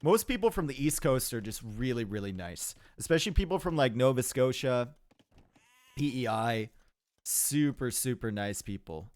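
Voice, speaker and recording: A man's voice: medium pitch, lively intonation, normal speed, darkish tone, no echo. A man with a Canadian accent giving upbeat, chatty live commentary on a strategy game match and answering his chat. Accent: Canadian English. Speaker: game caster.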